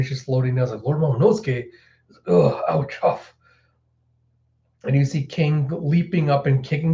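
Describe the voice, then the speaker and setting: A man's voice: mid-range voice, mellow, muffled recording. A man giving casual reaction commentary as a manga reviewer, retelling scenes and acting out lines.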